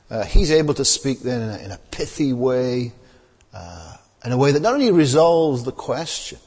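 Guy giving a sermon, lively up-and-down voice, bit husky, big echoey hall. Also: medium pitch. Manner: conversational, many tag questions and fillers. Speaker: preacher.

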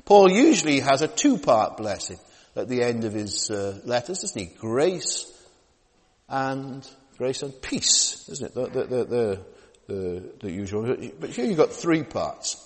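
Lively chatty preacher in a reverberant hall. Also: male voice, medium pitch, unhurried. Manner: chatty, with tag questions and frequent restarts. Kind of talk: conversational sermon. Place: church.

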